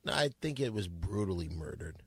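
A man's voice: low-pitched, sing-song, a little fast, vocal fry, husky, dry recording. A male podcast host in casual comedic banter, teasing and needling his guests.

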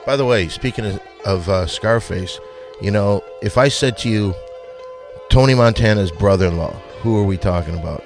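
A man hosting a comedy podcast, combative and profane, trading shouted insults with his co-hosts. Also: on the low side, normal speed, over music.

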